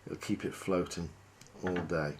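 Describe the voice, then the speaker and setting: A fishing guide talks through tying a fly, chatty and easygoing. He pokes fun at himself as he goes. His voice sits fairly low. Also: a little slow, a little hiss or hum. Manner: chatty, relaxed, self-deprecating.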